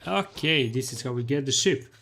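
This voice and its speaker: A man's voice: medium pitch, lively intonation, moderate pace, vocal fry, fairly bright tone. A young man streaming a video game live, cheerfully greeting viewers and reading the chat aloud, laughing often.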